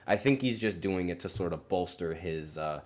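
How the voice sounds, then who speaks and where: Low-voiced man, rambling sports talk. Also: lively intonation, moderate pace. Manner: rambling, hesitant, many fillers and self-corrections. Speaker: sports podcast host. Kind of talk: casual solo sports commentary.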